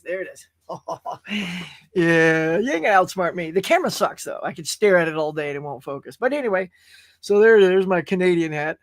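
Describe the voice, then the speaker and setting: A man's voice: sits high, no echo, clean studio sound. A man hosting a casual livestream show, chatting in a rambling way and reading viewer messages aloud. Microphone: webcam stream setup.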